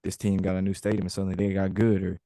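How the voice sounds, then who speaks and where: A man's voice: low voice, little pitch movement, racing, mellow, no echo, clean studio sound. A young man being interviewed, talking casually with lots of filler words. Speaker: guest.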